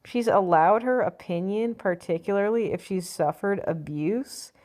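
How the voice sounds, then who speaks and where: A woman's voice: mid-range voice, unhurried, darkish tone. A woman vlogger reading out an article and commenting on it in a blunt, sarcastic, profane rant. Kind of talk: opinion vlog reading an article.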